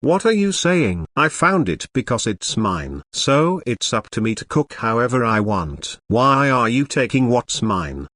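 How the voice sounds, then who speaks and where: A man's voice: medium pitch, very animated, measured pace, hardly any pauses, a bit bright, no echo, studio quality. A man reading as a haughty young magician. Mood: dismissive. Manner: haughty, condescending. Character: arrogant young male magician, newly woken. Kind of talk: reading a comic aloud.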